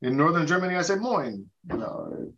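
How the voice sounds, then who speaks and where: Heard through dull audio, this American podcast host talks travel tips at a normal speed in an animated mid-range voice. He laughs a lot and keeps tripping over repeated words and restarts.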